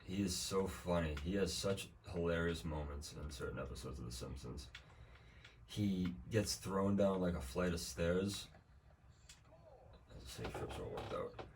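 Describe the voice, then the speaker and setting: A man's voice: low voice, expressive, unhurried, gravelly. A young man streaming a video game, talking in a loose, rambling way with dry jokes and plenty of swearing. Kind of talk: casual gameplay commentary. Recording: distant mic with faint background noise.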